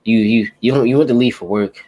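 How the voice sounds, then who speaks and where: A man's voice: medium pitch, fairly even intonation, quick pace, dark tone. A man co-hosting a casual podcast, telling stories loosely and profanely. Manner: loose, profane, storytelling with repeated "yo". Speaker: podcast co-host.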